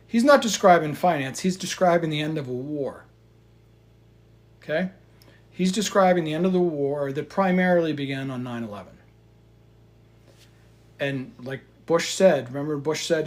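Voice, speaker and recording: Guy ranting about markets, kinda high voice, swears a lot, gets loud then goes quiet. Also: moderate pace, long pauses. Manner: heated, profane, swings between loud outbursts and quiet asides. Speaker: commentator. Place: indoors in front of a chart.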